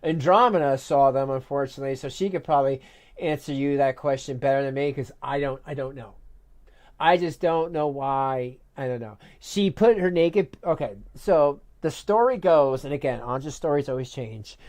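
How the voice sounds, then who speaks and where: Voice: medium pitch, normal speed, darkish tone, no echo. A host doing casual commentary on a stream, heated and sarcastic, often laughing.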